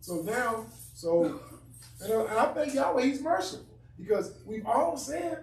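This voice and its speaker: A man's voice: very high voice, very animated, moderate pace. A man speaking earnestly and emphatically in a Bible study class discussion. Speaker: class member. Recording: echoey room, far from mic, faint noise.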